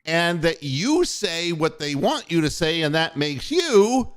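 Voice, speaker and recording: An older man hosts a sports talk show in a rambling, profane storytelling manner. His voice sits a little high and swings through a very animated range of pitch. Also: slow, smooth. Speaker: podcast host and former radio station boss.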